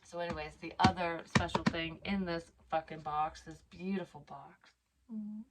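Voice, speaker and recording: A middle-aged woman talks to her camera in a loose, meandering way, full of "like" and "you know" and casual swearing. Her voice sits a little low, and she slows down to read cards aloud. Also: steady tone, heavy background noise. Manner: rambling, swears casually, many fillers; reads cards aloud slowly. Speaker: psychic medium vlogger. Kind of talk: casual personal vlog.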